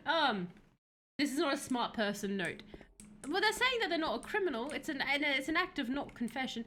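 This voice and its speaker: A woman giving animated, laughing commentary while streaming a horror game. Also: high voice, fairly quick, slight background noise. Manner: animated, laughs often, yelps and shrieks at scares. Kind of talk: casual gameplay commentary.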